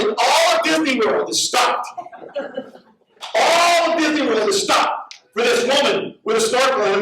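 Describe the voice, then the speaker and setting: A middle-aged pastor delivers an animated, story-driven sermon, tripping over repeated words as he builds momentum, his voice fairly high for a man. The mic is far from him in a very echoey church hall, and the background is noisy.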